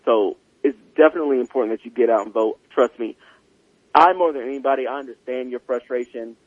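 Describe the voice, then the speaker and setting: A man's voice: medium pitch, fast talker, no echo, narrow, tinny audio. A man from South Carolina co-hosting a radio show, talking earnestly and pleading with listeners.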